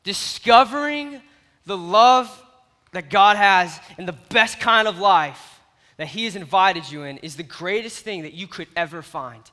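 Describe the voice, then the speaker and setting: A man delivers a sermon in a high, bright voice, telling stories with animated swings between loud and soft. His voice carries the long reverb of a large hall. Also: unhurried. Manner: animated storytelling with big swings in loudness. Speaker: youth pastor.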